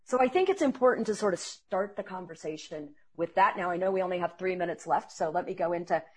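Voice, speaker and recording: A woman who trains salespeople, speaking as an interview guest and telling earnest, animated stories. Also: lowish voice, quick pace, slightly rough.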